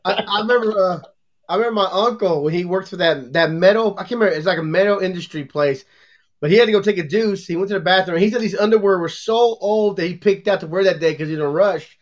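A man's voice: high voice, quick pace. A man chatting casually, joking and laughing through stories about coworkers and family. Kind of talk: casual chat.

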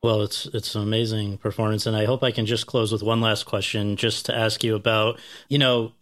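Man, interviewer, measured, polite questions. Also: lowish voice, level tone, fairly bright tone. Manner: brief affirmations, measured questions.

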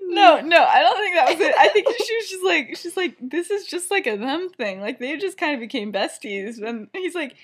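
A woman's voice: high-pitched, lively intonation, normal speed, hardly any pauses. A young woman co-hosting a podcast, retelling a fan story in a casual, giggly way with lots of fillers and acted-out quotes. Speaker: podcast co-host.

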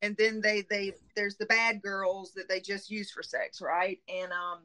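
A woman's voice: medium pitch, level tone, a little slow, sharp tone, poor audio. Southern georgia woman guest, forties, hesitant, lots of ums, candid interview. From Middle Georgia, US. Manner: hesitant, many ums, laughs easily.

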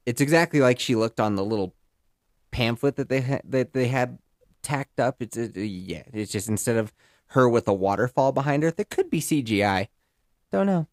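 A young man in casual podcast storytelling, rambling and jokey with lively bursts. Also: medium pitch, moderate pace, no room sound, studio quality. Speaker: podcast host.

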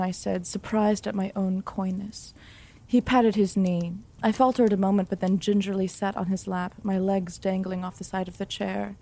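A woman reads a comic mock romance aloud with a deadpan, overwrought delivery. Her voice sits in a middle register, plain and unhurried. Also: medium pitch. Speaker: narrator. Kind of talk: comedic mock-romantic narration.

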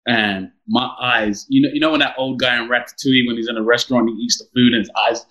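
A man from London, a podcast guest who tells lively stories and laughs often. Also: medium pitch, fast talker, highs cut off. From London, England. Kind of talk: casual interview chat.

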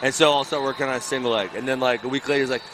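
A male wrestling coach talks casually, voice sitting at a middling pitch. He tells stories in an animated way, slipping into quick back-and-forth exchanges. The recording carries steady background noise. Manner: animated storyteller who acts out exchanges with his wrestlers. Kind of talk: casual podcast conversation.

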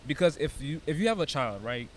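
A man's voice: on the high side, expressive, brisk, a little hiss or hum. A man in casual conversation, explaining ideas animatedly with analogies and casual swearing. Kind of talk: casual chat.

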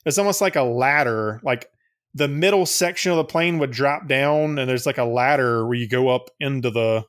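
Rambling and profane, this man co-hosts a podcast in loose conversation, breaking into laughter frequently. He speaks at medium pitch and a moderate pace, with a fairly bright tone.

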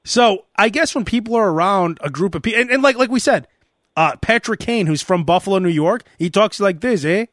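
Man, podcast host, high voice, lively swings in pitch, dry close sound, casual storytelling chat. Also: brisk, dry recording. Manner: animated storyteller, often slips into mock voices.

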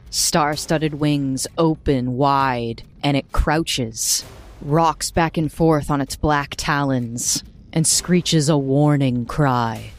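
Low-voiced slow woman game master. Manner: slow, descriptive storytelling. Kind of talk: narrating a tabletop game.

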